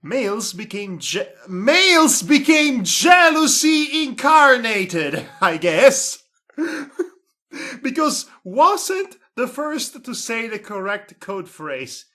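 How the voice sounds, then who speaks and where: Reading a funny story aloud very slowly, a man breaks off for sarcastic remarks and laughs between lines. His high voice is sharp and highly animated.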